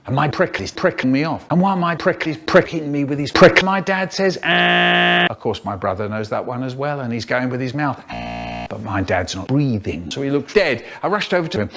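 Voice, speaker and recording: A man telling comic stories in a playful, animated way, full of sudden vocal swings. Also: a little high. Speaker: storyteller. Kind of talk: spliced comic storytelling clips.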